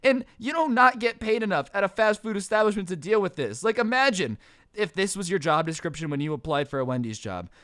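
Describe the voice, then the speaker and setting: A man's voice: high voice, very animated, brisk, a bit bright, no echo, clean studio sound. A young man telling a comedic storytime rant, exasperated and sarcastic.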